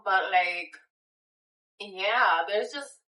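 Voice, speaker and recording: Young woman, vlog rant: heated, swearing, rambling, restarts a lot; bright voice, sits back from the mic. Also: medium pitch, very slow, distant mic. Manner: heated, profane, rambling with many restarts and fillers. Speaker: vlogger. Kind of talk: unscripted personal rant to camera. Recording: echoey room, voice a little off-mic.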